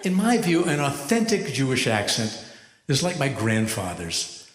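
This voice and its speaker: A man in his seventies, a rabbi doing stand-up comedy, telling stories with a wry, measured delivery and deadpan punchlines. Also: mid-range voice. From United States. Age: 70s. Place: large hall with a live audience. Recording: echoey hall from far off.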